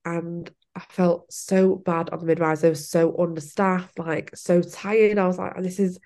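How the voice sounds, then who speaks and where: A woman's voice: lowish voice, fairly even intonation, measured pace, darkish tone. A young woman, telling her own story in a casual interview, laughing often and acting out what she said back then. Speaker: podcast guest.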